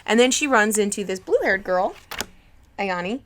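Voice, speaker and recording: A young woman co-hosting a casual comic book chat, retelling the story in a playful, animated way. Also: mid-range voice, measured pace, slight background noise. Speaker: comic podcast co-host.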